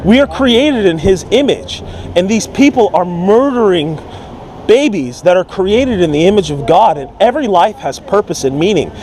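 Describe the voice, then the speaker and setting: A man's voice: high-pitched, animated, moderate pace, a little mellow, low-quality recording. A man preaching on a city street, earnest and pleading, often repeating his words. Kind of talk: open-air street preaching.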